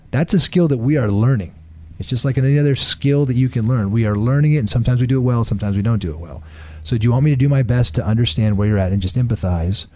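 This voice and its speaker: A man's voice: medium pitch, fast talker, warm tone, no echo. A man, a marriage and family therapist, giving earnest, pragmatic relationship advice in conversation. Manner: earnest, pragmatic, uses acted-out examples. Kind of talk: conversational advice on a radio talk show.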